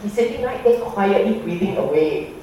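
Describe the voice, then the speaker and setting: Slow mellow guy teaching meditation, far off in a big echoey hall, faint room hum. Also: high voice, animated. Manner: unhurried, emphatic, playful asides. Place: hall with an audience. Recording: roomy hall, voice from a distance.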